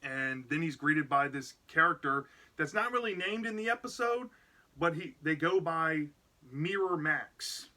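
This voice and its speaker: A man's voice: fairly high pitch, expressive, a little slow, sharp tone. A man casually retelling a book's plot as a reviewer, rambling with lots of "like" and "you know". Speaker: book reviewer.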